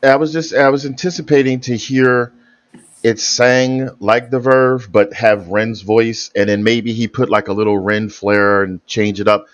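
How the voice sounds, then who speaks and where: A man's voice: medium pitch, fairly even intonation, measured pace, no echo. Man, reaction video host, casual commentary, rambling and hesitant, dry dull recording. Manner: hesitant, rambling explanations with restarts.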